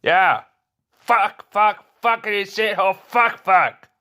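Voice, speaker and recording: A man's voice: high-pitched, slow, bright, forceful tone, smooth. A man delivering a furious, profanity-filled rant to the camera, swearing nonstop and tripping over his words. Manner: furious, swearing constantly, stumbling restarts.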